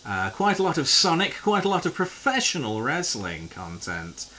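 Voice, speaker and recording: A man's voice: a little high, wildly swooping pitch, normal speed, pushed and bright, slight background noise. A man streaming live, chatting casually with viewers while he plays a game, joking and swearing freely. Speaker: variety streamer.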